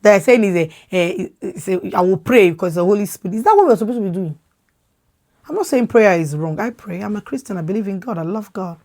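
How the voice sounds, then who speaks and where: A Nigerian woman in her thirties hosting a podcast, talking with strong conviction, loud and expressive, repeating words as she presses her points. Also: mid-range voice, a little fast. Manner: emphatic, repeats words when worked up. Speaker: podcast host. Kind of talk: impassioned opinion talk.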